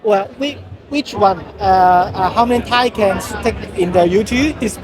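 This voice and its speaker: Halting man in a crowd. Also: high voice. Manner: halting broken English with fillers. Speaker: trade show exhibitor. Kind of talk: casual conversation. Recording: busy crowded trade show hall.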